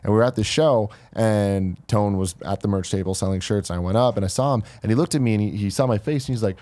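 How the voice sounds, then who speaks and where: A man's voice: on the low side, quick pace, dark tone. A man co-hosting a casual podcast chat, telling stories and acting out quotes in a raised voice. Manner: storytelling, acts out quotes in a raised voice. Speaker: podcast co-host.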